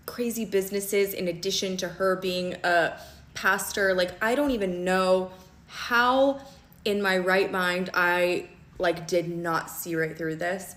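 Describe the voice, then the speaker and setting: A young woman telling a story in a casual vlog, animated and fast, with constant "like" and "okay?" checks. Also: on the low side, echoey room. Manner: animated, fast and conversational, heavy use of "like" and "okay?". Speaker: storyteller recounting a relationship.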